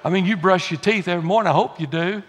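Preacher, male, high and gravelly, folksy sermon delivery, long church reverb. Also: fast. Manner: folksy, swings from low confiding asides to loud exhortation. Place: church sanctuary.

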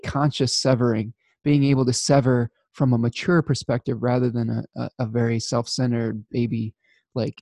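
A man talks through a weekly astrology forecast in a loose, rambling way, laughing now and then and restarting his sentences. His voice has a gravelly, fried edge and sits at a middle pitch. The sound is dry and close, with no room around it. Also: dark tone, dry recording. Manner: rambling, laughs often, many restarts and fillers. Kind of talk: casual spoken forecast.

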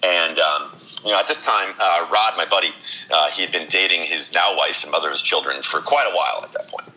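A man, a voice actor, chatting casually as a guest on an interview show, relaxed with many fillers. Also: low voice, a little fast, rough recording. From Northeast US.

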